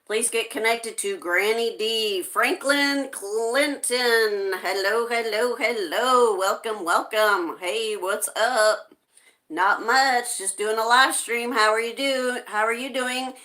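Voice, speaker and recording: A woman's voice: on the high side, slow pace, bright, forceful tone. A woman hosting a casual live stream, greeting viewers by name and reading their chat messages aloud.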